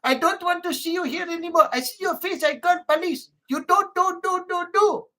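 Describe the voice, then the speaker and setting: A man's voice: very high voice, moderate pace, pushed and bright, pitched above the performer's own voice, exaggerated voice. A man voicing an angry male restaurant owner with an Indian accent, scolding and repeating himself.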